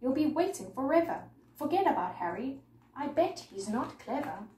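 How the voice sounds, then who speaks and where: A woman's voice: sits high, big pitch swings, normal speed, mellow. A woman reading the part of a swaggering, boastful male scarecrow in a storybook, in an echoey room away from the mic. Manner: swaggering, bragging. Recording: echoey room, mic far off, faint noise.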